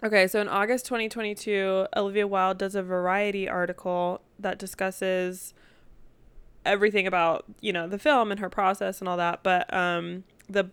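A young woman co-hosting a podcast, chatting earnestly and walking through points in a measured way. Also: mid-range voice, level tone, clear, resonant tone, no echo. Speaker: podcast co-host. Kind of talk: casual chat.

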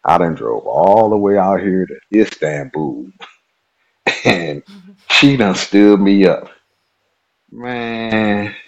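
A man from Nebraska, a podcast guest, telling a personal story in a relaxed, chatty way and laughing at himself. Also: low-pitched, slow pace, muffled recording. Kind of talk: casual storytelling.

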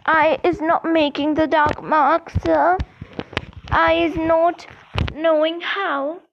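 Lady doing a squeaky scared house-elf, high and slow, broken grammar, muffled old audiobook sound. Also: flat delivery, vocal fry, background noise, heavily acted. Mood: pleading. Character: timid squeaky female house-elf servant, frightened. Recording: dull lo-fi audiobook recording.

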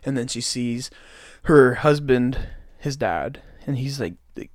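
A man's voice: medium pitch, lively intonation, a little slow, dry recording, studio quality. A young man on a podcast, retelling a story in a rambling, casual way with many "like"s. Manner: rambling retelling, heavy use of "like". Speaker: podcast co-host.

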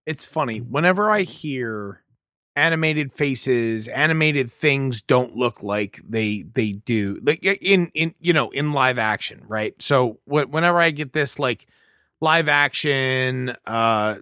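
A man co-hosting a casual podcast chat, who speaks in a halting, musing way with frequent restarts. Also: mid-range voice, lively intonation, bright, forceful tone, no echo, clean studio sound. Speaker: podcast co-host.

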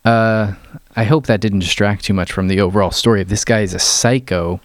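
A man's voice: on the low side, fairly even intonation, moderate pace, no room sound. A man ranting in an incredulous, mocking tone, talking close to a dry mic. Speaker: vlogger. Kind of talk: ranting commentary.

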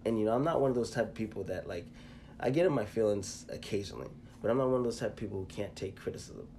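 A man co-hosting a podcast, telling a personal story in a casual, halting way. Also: fairly low pitch, warm tone, a little hiss or hum. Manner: storytelling, halting with fillers and restarts. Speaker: podcast co-host. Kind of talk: casual chat.

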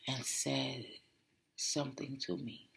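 Slow, gravelly podcast storyteller. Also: mid-range voice, level tone, fairly bright tone. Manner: reflective, often drops to a whisper; repeats words and restarts when emotional. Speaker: podcast host. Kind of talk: personal storytelling monologue.

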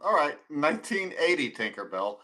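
A man's voice: a little high, sing-song, normal speed, pushed and bright. A man hosting a casual podcast interview, joking along with his guest and asking questions. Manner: loose and joking, asks questions. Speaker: podcast host.

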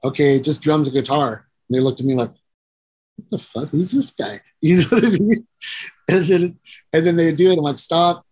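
Fairly high-pitched and darkish, the voice stays steady and moves fairly quickly. It belongs to a middle-aged musician-producer giving a casual storytelling interview, full of long profane tales, acted-out characters and frequent "you know"s.

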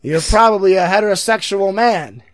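A man doing a drawling deadpan joke-teller. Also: sits high, normal speed, no room sound, voice pushed up, close to an everyday voice. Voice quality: drawling, loaded with "you know" fillers. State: congested. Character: deadpan folksy comedian telling a rambling shaggy-dog joke.

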